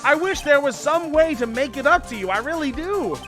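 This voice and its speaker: A man voicing a gruff, loyal male detective sidekick in a video game, talking loudly. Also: very high-pitched, lively intonation, a little fast, music in the background, pitched above the performer's own voice. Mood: apologetic.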